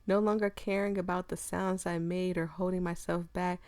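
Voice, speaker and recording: A woman's voice: fairly low pitch, level tone, normal speed, darkish tone, no room sound. A young woman reading a visual novel aloud with her own commentary, often breaking into giggles. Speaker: gaming video creator.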